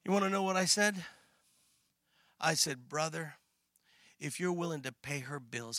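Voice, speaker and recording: A middle-aged pastor preaching, his voice high and very bright. He tells a story with lots of animation, acts out the conversations and swings from quiet to loud. The sound is dry and close. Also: measured pace, pauses often, dry recording. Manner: animated storytelling, acts out dialogue, laughs, gets loud and emotional. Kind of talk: sermon.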